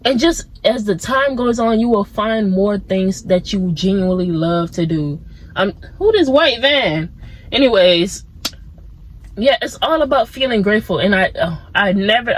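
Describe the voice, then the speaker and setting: A woman's voice: medium pitch, lively intonation, normal speed, low-quality recording. A young woman vlogging outdoors in a casual motivational chat that keeps wandering off into side thoughts. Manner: rambling, easily sidetracked, laid-back. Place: outdoors among plants.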